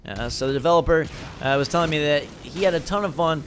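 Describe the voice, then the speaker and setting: A young man talks over gameplay footage in loose, excited commentary, full of fillers and restarts. He sounds tired from a late night, and his voice sits a little high. A faint hiss runs under the recording. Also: fast. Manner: casual, enthusiastic rambling with fillers. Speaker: gaming video host.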